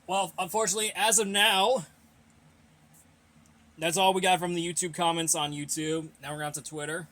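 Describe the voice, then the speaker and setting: A man's voice: high voice, steady tone, moderate pace, pauses often, fairly bright tone. A young man hosting a casual Q&A, reading viewer questions and giving blunt, rambling opinions while a little out of breath. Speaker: host of a fan Q&A channel.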